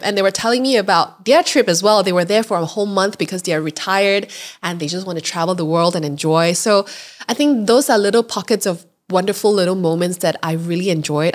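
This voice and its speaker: A woman from Malaysia with a Malaysian English accent, co-hosting a podcast and telling a travel story in a lively, chatty way. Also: fairly low pitch. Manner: lively storyteller who acts out quoted voices. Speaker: podcast co-host. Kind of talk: casual storytelling chat.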